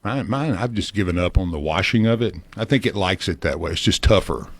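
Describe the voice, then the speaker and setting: A man's voice: deep voice, lively intonation, brisk, no echo, studio quality. A man co-hosting a radio show, chatting in a laid-back, rambling, jokey way. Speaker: radio co-host. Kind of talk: casual radio banter. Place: radio studio.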